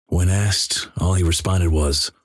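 A man reading an internet story aloud in a flat, deadpan manner. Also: low voice, slow, no echo, studio quality.

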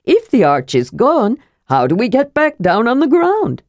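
A shrill, high little kender, chirpy and carefree, as a woman narrator puts him on. The voice is raised above her usual pitch, bright and eager. It sits close and dry in the recording. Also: wildly swooping pitch, measured pace, dry recording. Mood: curious.

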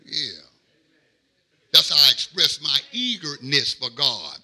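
A pastor preaches, climbing from low murmurs to ringing shouts and stretching key words out slowly. His voice is high for a man and sits bright and forceful on top. A gravelly fry runs underneath it. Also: very animated. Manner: preaching with swings from quiet to shouting, drawn-out emphasis; call-and-response, repeats phrases. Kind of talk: sermon.

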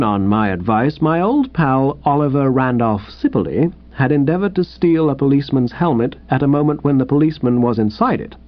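Man narrating a comic tale with bounce. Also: mid-range voice. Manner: animated, playful storytelling. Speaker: audiobook reader. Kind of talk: comic first-person narration. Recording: dull lo-fi recording.

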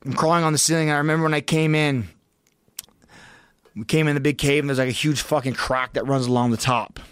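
A man's voice: on the high side, steady tone, fast talker, fairly bright tone, clear, resonant tone, no echo, studio quality. A man, a podcast guest with a young child, tells a tense story in a blunt, profane, urgent way, his voice shooting up at the peaks. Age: adult with a young child. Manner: profane, urgent and emphatic, voice rising sharply at peaks. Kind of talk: intense storytelling in a long-form podcast.

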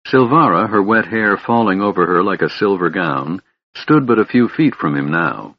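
A man narrating a fantasy novel in a measured, steady way. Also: sits low, slightly rough, no room sound, lo-fi sound. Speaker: audiobook narrator.

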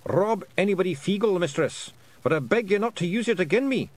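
A man's voice: sits high, expressive, a little fast, pitched above the performer's own voice. A man voicing a tiny, anxious male fairy clan chief with a thick Scottish accent, pleading and worried. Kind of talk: audiobook character voice.

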